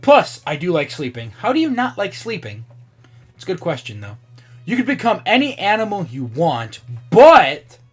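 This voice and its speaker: A man's voice: high-pitched, huge pitch swings, normal speed, fairly bright tone, breathy edge. A man in his twenties chatting casually on camera, thinking aloud and swearing freely as he reacts. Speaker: vlogger.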